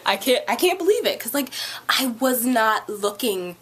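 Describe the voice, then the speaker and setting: A young woman reviewing a show in a casual vlog at home, gushing and excitable, saying "like" constantly. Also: fairly high pitch, slow, pauses often, slight background noise. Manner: gushing, excitable, heavy use of "like". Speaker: video reviewer. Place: at home by a couch.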